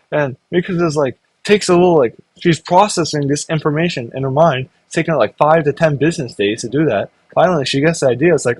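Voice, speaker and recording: A man's voice: medium pitch, no room sound, low-quality recording. A young man casually recapping an anime, rambling and briefly acting out the characters. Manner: rambling, acts out characters in quick put-on voices. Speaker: anime reviewer.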